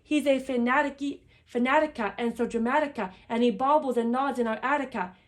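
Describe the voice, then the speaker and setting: A woman voicing a small, excited male chihuahua who chatters eagerly. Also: high voice, fairly quick, lightly acted.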